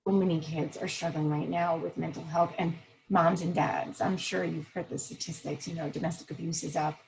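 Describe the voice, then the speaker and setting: A middle-aged woman, a school principal, talking in a casual interview, earnest and halting with many fillers and restarts, close to tears. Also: low voice, fairly even intonation, creaky, a little mellow, rough recording. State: emotional, near tears.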